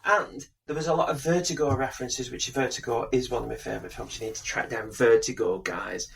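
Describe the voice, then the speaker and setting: A man's voice: medium pitch, a little fast, vocal fry, far from the mic. A man, co-hosting a podcast and chatting in a rambling, joking way. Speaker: podcast co-host. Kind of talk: casual chat.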